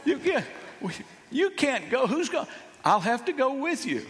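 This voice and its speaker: A man's voice: very high-pitched, very animated, moderate pace, fairly bright tone, big-room sound, a little hiss or hum, voice pushed up, full character voice. A man voicing a doting, fretful mother who pleads with her son not to leave. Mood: pleading. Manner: wailing, pleading.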